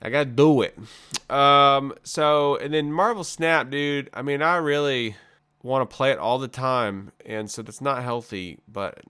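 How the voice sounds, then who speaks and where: A man's voice: medium pitch, unhurried, pushed and bright, clear, resonant tone. A man co-hosting a podcast in casual chat, rambling with fillers and playing at being offended. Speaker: podcast co-host.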